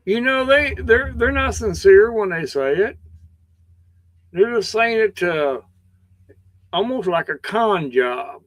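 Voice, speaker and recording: A man's voice: high voice, animated, slow, long pauses, no echo. A man with a Kentucky accent hosting a livestream in rambling casual chat, his throat a bit scratchy, drawling and meandering with many restarts. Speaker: livestream host.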